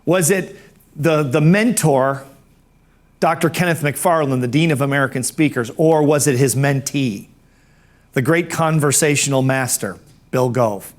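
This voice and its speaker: A man's voice: mid-range voice, measured pace. A middle-aged man teaching a speaking course, telling anecdotes in a conversational way that often repeats words and restarts phrases.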